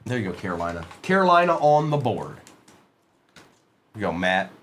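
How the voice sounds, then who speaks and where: A man's voice: on the low side, very animated, moderate pace, fairly bright tone. A man hosting a live sports card break, reading out player names from the pulls and chatting casually with viewers in the stream chat.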